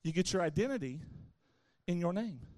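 A man with a notably high voice preaches to a youth audience in an easy, conversational way. He throws playful asides at the listeners between points, and his voice sounds dry and close to the mic. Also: animated, normal speed, darkish tone, no echo. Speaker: youth pastor. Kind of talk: sermon.

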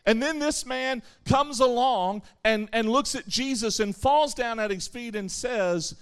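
A man preaching a sermon to young people at a camp, lively, acting out the voices he quotes and answering his own questions. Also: very high-pitched, normal speed, few pauses, clear, resonant tone. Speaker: camp speaker.

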